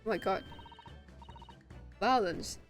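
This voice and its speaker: A woman's voice: mid-range voice, slow pace, faint music behind. A woman, playfully reacting aloud as a game streamer. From Hong Kong. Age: 20s. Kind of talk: game playthrough commentary.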